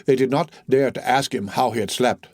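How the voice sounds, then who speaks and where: Brief: male audiobook narrator, measured delivery, dry close recording. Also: medium pitch, darkish tone, no room sound. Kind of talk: scripted narration of a classic novel.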